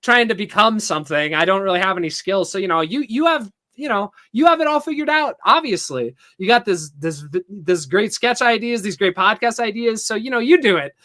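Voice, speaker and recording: Man, podcast host, bright tense voice, rambling, reads messages aloud, lots of fillers. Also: high-pitched, expressive, fairly quick, hardly any pauses. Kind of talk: casual rambling storytelling.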